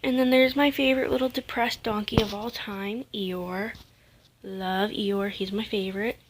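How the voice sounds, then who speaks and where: Young woman vlogger, casual rambling home chat with soft near-whispered stretches, mid-pitched, noisy camera audio with clicks. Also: steady tone, moderate pace. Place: home, indoors. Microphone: camera mic.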